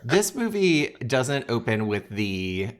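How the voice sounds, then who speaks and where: A man's voice: medium pitch, very animated, slow pace. A man co-hosting a podcast, talking casually about a movie with wry, blunt asides. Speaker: podcast co-host.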